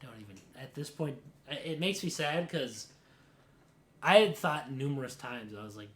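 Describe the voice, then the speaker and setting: A man's voice: mid-range voice, moderate pace. A young man co-hosting a podcast, rambling in casual chat and saying "dude" often. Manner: rambling, says dude a lot, jumpy and animated. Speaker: podcast co-host. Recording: roomy echo, faint noise.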